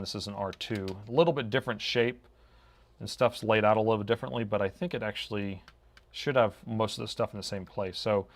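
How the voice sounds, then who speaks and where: A middle-aged man giving live, thinking-aloud commentary as he repairs a laptop, in a laid-back drawl that tacks "man" onto his sentences. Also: lowish voice. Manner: thinking aloud while measuring.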